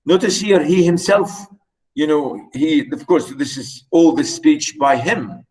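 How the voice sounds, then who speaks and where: A man's voice: fairly high pitch, a little slow, a little mellow, low-quality recording. A man lecturing on a novel, explaining passages and repeating his points with many fillers. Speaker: literature lecturer.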